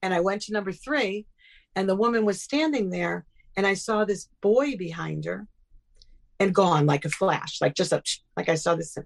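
A woman's voice: medium pitch, moderate pace, creaky. A middle-aged woman telling personal stories in a casual interview, acting out quoted dialogue. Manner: animated, acts out quoted dialogue. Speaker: guest.

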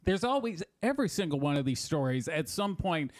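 A man's voice: fairly high pitch, sing-song, a little fast, no echo. A man co-hosting a podcast in casual banter. He is blunt and crude and laughs often while reading out news stories. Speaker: podcast co-host.

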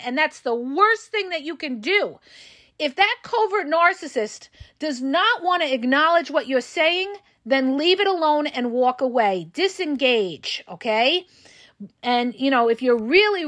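High-voiced, emphatic woman podcaster. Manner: forceful, repeats points, frequent "okay?" tag questions. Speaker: podcast host and coach. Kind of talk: emphatic advice monologue.

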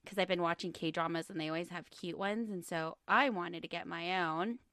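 A woman's voice: fairly low pitch, steady tone, fairly bright tone, dry recording. A woman co-hosting a podcast, chatting casually and giggling with friends. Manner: giggly, chatty, drawn-out phrasing. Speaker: podcast co-host. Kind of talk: casual chat among friends.

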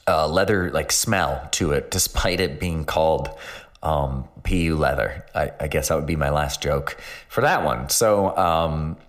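A man's voice: extremely low pitch, unhurried. A man hosting a podcast, explaining in a casual, rambling way with many fillers and little self-mocking asides. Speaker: podcast host.

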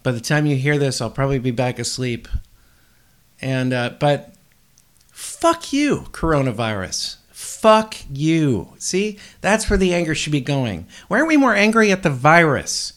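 A man's voice: on the high side, lively intonation, normal speed, fairly bright tone. Blunt rambling podcast man. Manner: rambling, blunt, swears freely, talks to the virus directly. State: up before dawn, tired. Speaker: podcast host. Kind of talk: solo rambling monologue.

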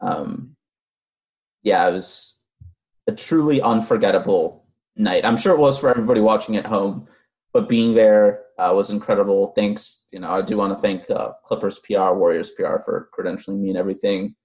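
A young man co-hosting a casual sports podcast, a bit hoarse from losing his voice, rambling with fillers and restarts as he answers listener questions. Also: lowish voice, moderate pace, darkish tone. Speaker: podcast co-host.

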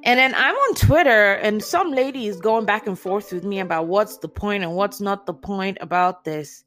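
A woman's voice: mid-range voice, moderate pace, soft background music. A woman chatting casually as she recaps a reality TV show, acting out what people said and laughing often. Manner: animated storyteller, acts out quotes, laughs often. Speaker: reality TV commentator.

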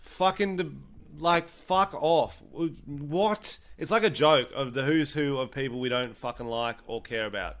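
A man's voice: mid-range voice, unhurried, few pauses, fairly bright tone. A man co-hosting a comedy podcast with laughing, incredulous banter. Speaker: podcast co-host. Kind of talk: casual comedic chat.

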